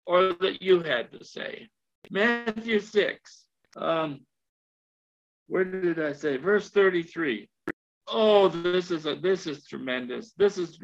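Older male preacher, slow and gravelly, repeats himself and asks the room questions, dull lo-fi recording. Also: sits high, fairly bright tone. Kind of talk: sermon.

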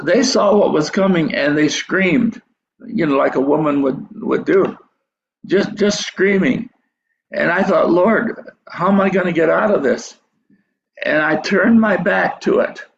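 Recorded in a dull, echoey hall, an older preacher shares a dream testimony in his sermon, rambling and restarting phrases. He has a fairly high, creaky voice, and there is slight background noise.

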